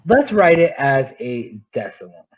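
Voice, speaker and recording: A man's voice: mid-range voice, big pitch swings, unhurried, lo-fi sound. A male teacher explaining a math lesson step by step, often checking in with "right?".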